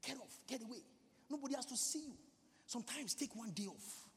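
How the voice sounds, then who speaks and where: High-pitched man preaching, reverby hall, goes from hushed prayer to loud stammering bits. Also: lively intonation, a little fast. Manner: mimics stammering, prays in tongues. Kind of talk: sermon.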